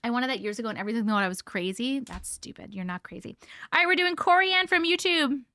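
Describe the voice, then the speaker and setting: Female livestream host, playful and animated; expressive, up-and-down delivery. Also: a little high, quick pace, dry recording, studio quality. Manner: animated and playful, jokes with chat. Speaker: host reading viewer stories. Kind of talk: casual livestream chat.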